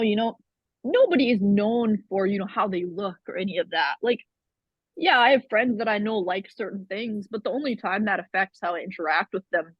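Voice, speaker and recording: Blunt young woman from Canada, breathy, dry and slightly muffled, rambles and swears. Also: mid-range voice, no room sound. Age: 20s. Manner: rambling, frank, swears freely. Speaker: guest. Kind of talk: candid conversational interview.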